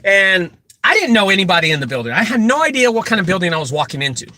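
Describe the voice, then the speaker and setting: A man who runs a junk removal business, telling animated, joking stories full of asides as he gives casual advice. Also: high-pitched, quick pace, dry recording. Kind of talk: casual storytelling advice talk.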